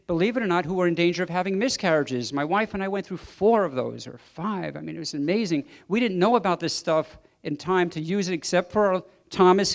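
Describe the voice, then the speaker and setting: Middle-aged doctor guy speaking at a banquet, earnest and emphatic, kinda high voice, chuckles at his own jokes. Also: gravelly. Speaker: doctor giving a banquet speech. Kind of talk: public speech. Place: banquet hall.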